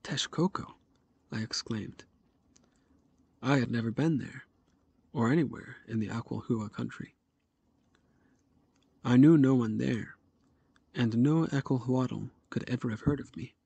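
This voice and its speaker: A man reading a novel aloud in a measured first-person narration. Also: medium pitch, gravelly, dark tone, husky. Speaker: audiobook narrator.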